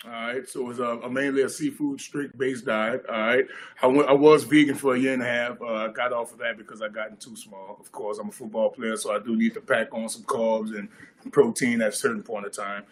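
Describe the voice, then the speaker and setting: A man's voice: medium pitch, fairly quick, slight background noise. A man, a football player, chatting casually on a podcast, acting out quotes as he tells stories. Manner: animated storyteller, acts out quotes.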